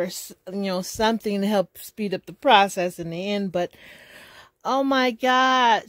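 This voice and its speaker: A woman filming a casual storytime vlog at home on a phone camera, gushing and excited and repeating her exclamations. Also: mid-range voice, no room sound. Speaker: vlogger. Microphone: phone camera held in one hand.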